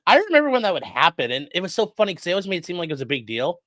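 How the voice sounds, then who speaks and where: A man chats loosely through a live trial feed, swearing freely and riffing to his viewers. His voice is bright and forward, recorded close and dry. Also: sits high, huge pitch swings, rapid-fire, no room sound. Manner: loose, profane, chatty. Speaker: defense attorney reacting to trial stream. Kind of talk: casual live-stream commentary.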